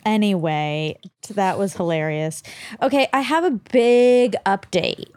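A woman's voice: mid-range voice, lively intonation, unhurried, darkish tone, clear, resonant tone, dry recording. A woman co-hosting a podcast in casual chat, telling stories with a lot of laughter and acting out quotes. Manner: chatty storyteller, laughs often, acts out quotes. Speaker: podcast co-host.

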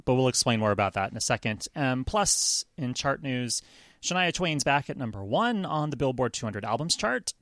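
A man's voice: fairly high pitch, dry recording, clean studio sound. A man co-hosting a music podcast in casual chat, talking with lots of fillers and restarts. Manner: chatty, filler-heavy. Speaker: podcast co-host. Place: remote, on a call line.

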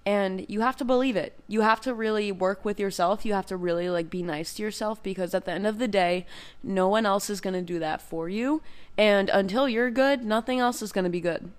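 A woman's voice: medium pitch, a little fast, smooth. A young woman hosting a casual self-help podcast, chatty and encouraging, full of "like" and "you know," speaking straight to her listeners. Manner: encouraging, direct address to listeners. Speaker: podcast host; cycling instructor.

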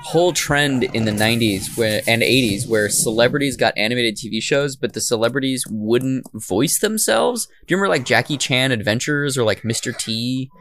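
A man hosting a podcast, switching between brisk scripted narration and casual chat. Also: medium pitch, fairly bright tone, slight background noise. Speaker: podcast host.

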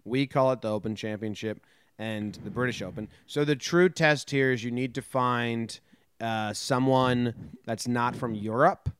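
A young man co-hosting a casual chat, joking and quick with comebacks. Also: medium pitch, fairly even intonation, a little hiss or hum. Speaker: podcast co-host.

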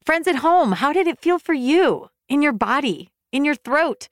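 A woman's voice: high-pitched, expressive, moderate pace, dry recording, clean studio sound. A woman hosting a music lesson for kids, encouraging viewers at home to sing along. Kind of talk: upbeat kids' music lesson.

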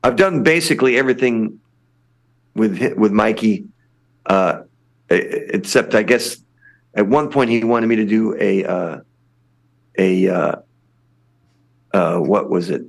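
Older man, gravelly, lowish pitch, casual rambling interview talk. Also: measured pace, pauses often. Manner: rambling, many restarts and fillers. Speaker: lead singer of a punk band, podcast guest.

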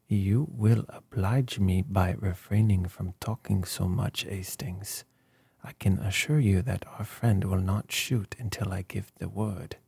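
A man's voice: low voice, steady tone, measured pace, vocal fry, mellow, slightly rough, no room sound, exaggerated voice. A man playing a fussy, precise old detective. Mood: reproving. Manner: formal, mildly reproachful.

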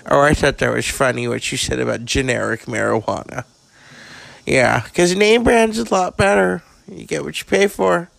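A man's voice: medium pitch, moderate pace, creaky, a bit bright, dry recording. A man doing an impression of a crude, brash older actress, bawdy and campy in manner. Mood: bawdy, camp.

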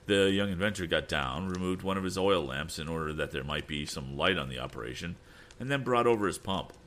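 Deep-voiced man narrating a story. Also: animated, brisk, a bit bright, slight background noise. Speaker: audiobook narrator. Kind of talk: scripted narration.

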